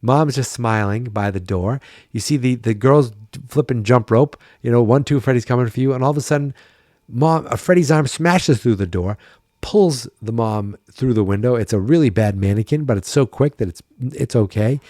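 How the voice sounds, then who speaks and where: A man's voice: mid-range voice, normal speed, a little mellow, no room sound, clean studio sound. A tired man hosting a podcast, chatting wryly and thinking aloud in a casual solo recap. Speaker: podcast host.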